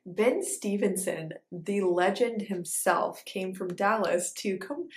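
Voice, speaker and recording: A young woman dancer telling a story in a casual, animated way, with lots of fillers. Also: mid-range voice, slow pace. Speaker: ballet dancer and vlogger. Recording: echoey room.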